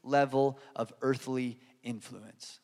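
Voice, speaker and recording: A man voicing God as a patient, gently correcting father figure in a sermon story. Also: medium pitch, fairly even intonation, slow pace, long reverb tail, pitched below the performer's own voice. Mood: gentle.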